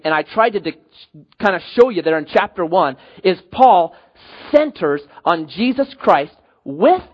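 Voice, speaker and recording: A man's voice: sits high, muffled recording. A man preaching a sermon as pastor, telling stories with jokes and acting out quotes. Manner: animated storytelling with jokes and acted-out quotes.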